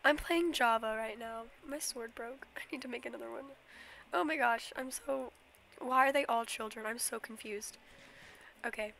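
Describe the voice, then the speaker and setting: A woman's voice: a little high, normal speed, creaky, fairly bright tone, slight background noise. A young woman, a bit sick, chatting through a casual game stream, rambling and giggly with lots of fillers and apologies. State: slightly sick. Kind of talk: casual Minecraft stream tour.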